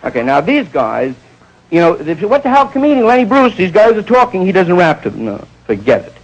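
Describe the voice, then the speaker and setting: Gravelly-voiced stand-up comedian, lively pitch. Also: male voice, lo-fi sound. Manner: jumps into quick voices of the people in his stories. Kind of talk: stand-up storytelling.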